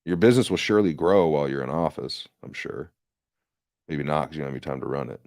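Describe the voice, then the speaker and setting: A man's voice: very deep voice, animated, fast, a little mellow, no room sound, clean studio sound. A man hosting a livestream, ranting in a rambling, profane and sarcastic casual way. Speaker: livestream host and candidate.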